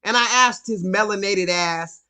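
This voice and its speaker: A man's voice: high voice, unhurried, bright, forceful tone, clear, resonant tone. A man hosting a live call-in stream, ranting and telling a story with emphatic, profane repetition.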